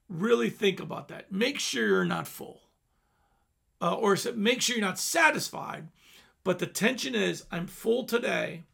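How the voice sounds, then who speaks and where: A man's voice: sits high, creaky, a bit bright, slightly rough. A man in his fifties preaching an earnest sermon, dropping at times to near-whispers. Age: 50s. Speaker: pastor.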